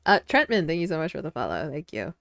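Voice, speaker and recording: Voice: mid-range voice, huge pitch swings, fast talker, fairly bright tone, no echo. A streamer chatting casually with their audience while drawing. They ramble with lots of fillers and giggle often.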